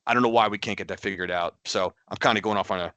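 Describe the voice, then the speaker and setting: A man with a bright, forceful voice riffs in casual sports chat, circling back and restarting his sentences as his exasperation builds. He sounds close and dry, with no room around him. Mid-pitched and steady, he keeps talking through his own stumbles. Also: very fast, clean tone, no room sound. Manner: rambling and exasperated, many restarts. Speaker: podcast co-host.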